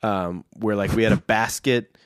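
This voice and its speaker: Man, low voice, dry close sound, casual rambling anecdote, young adult. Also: steady tone, moderate pace, clean tone, dry recording. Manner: rambling, many fillers and restarts. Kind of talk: casual storytelling chat.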